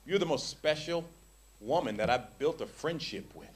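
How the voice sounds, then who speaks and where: Man voicing a soft-spoken, sugary church guy, quiet and low. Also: animated, moderate pace, husky. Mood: tender. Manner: soft, hushed, syrupy. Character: overly tender male churchgoer giving compliments.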